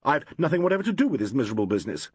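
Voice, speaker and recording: A man voicing a calm, probing gentleman investigator in a storybook mystery. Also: on the high side, a little fast, no echo, pitched above the performer's own voice, heavily acted. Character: composed gentleman sleuth, quietly probing.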